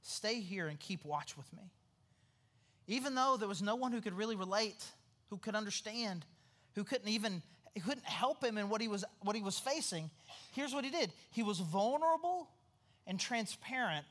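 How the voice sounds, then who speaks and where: Man, pastor, sermon, conversational, animated, acts out quotes casually. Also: high-pitched, normal speed.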